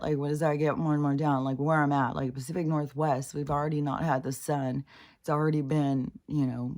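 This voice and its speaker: A woman's voice: sits low, a little mellow. A middle-aged woman talking casually in a scattered, rambling way, swearing freely as she vlogs about spirituality. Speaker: spiritual vlogger.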